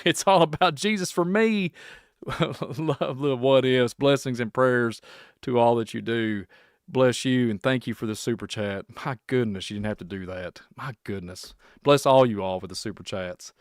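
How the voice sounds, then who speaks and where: A man's voice: medium pitch, normal speed, smooth, dry recording, clean studio sound. A man hosting a one-man reaction podcast, rambling in a folksy way and laughing often. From Kentucky. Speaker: podcast host. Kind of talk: reaction podcast, casual chat.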